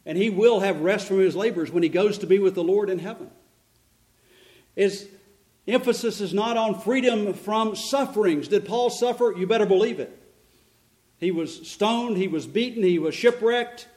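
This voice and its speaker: A man's voice: high voice, normal speed, darkish tone. A middle-aged male pastor preaching a sermon, telling stories and asking and answering his own questions.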